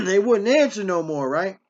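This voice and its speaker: A man's voice: high-pitched, vocal fry, pushed and bright. A man in his fifties telling a story from his past in a blunt, streetwise way, often checking in with "right?". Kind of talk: casual spoken storytelling. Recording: dull lo-fi recording.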